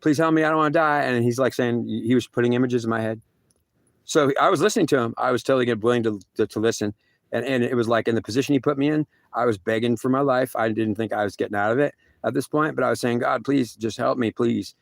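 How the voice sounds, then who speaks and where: A man's voice: mid-range voice, fast talker, vocal fry, no room sound. A man telling a rambling first-person story, repeating himself and filling with "like" and "literally.".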